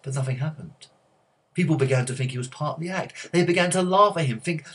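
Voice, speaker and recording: A man preaching, telling a story with many halting restarts and growing hushed and earnest. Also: a little high, animated, slightly rough. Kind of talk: sermon storytelling.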